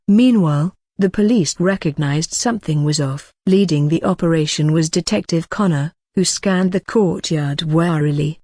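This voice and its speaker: An audiobook narrator reading a novel in an even, steady way. The voice sits at a middle pitch. The sound is dry and close, with no room around it. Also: moderate pace, few pauses, dry recording. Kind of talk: scripted narration.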